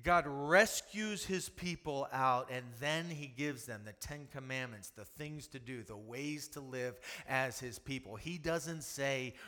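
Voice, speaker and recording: A man's voice: mid-range voice, measured pace, hardly any pauses, bright, forceful tone, in a large hall. A man preaching a sermon with emphasis, repetition and rhetorical questions. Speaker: pastor.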